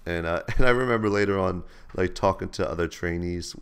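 A man's voice: low-pitched, fairly quick, few pauses, fairly bright tone, smooth. A man hosting a gaming channel, telling laid-back, slangy stories over gameplay. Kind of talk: casual storytelling over gameplay.

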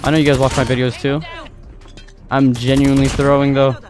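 A young man giving live commentary over his own gameplay, excitable, jumping between loud outbursts and muttered callouts. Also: mid-range voice, brisk. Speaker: gaming YouTuber. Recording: music playing under gunfire.

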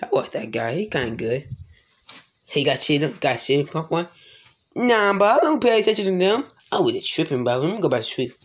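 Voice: medium pitch, big pitch swings, normal speed. A speaker improvising a plush toy role-play in a rambling, mumbly way, full of slang and filler sounds.

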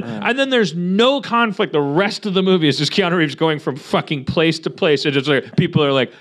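A man with a fairly high voice hosts a casual comedy podcast. He rambles through his story and keeps stumbling over his words and restarting them. His tone is loose and chatty. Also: a little fast, hardly any pauses, fairly bright tone. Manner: rambling, many stammered restarts. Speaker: podcast host.

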